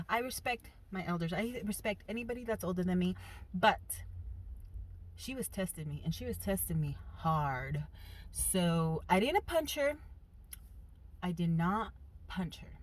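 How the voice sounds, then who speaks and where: A woman in a casual storytime vlog, talking in an animated, emphatic way. Her voice sits at an ordinary middle pitch, and she leans hard on her punchlines. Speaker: vlogger.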